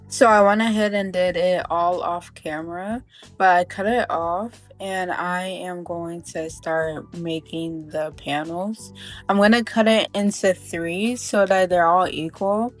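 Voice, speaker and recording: This is a chatty young woman with a slightly low voice, narrating a craft tutorial in a relaxed, playful way. She speaks straight to her viewers and laughs at her own slip-ups. Soft music plays faintly behind her. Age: young adult. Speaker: crochet vlogger. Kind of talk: casual tutorial voice-over.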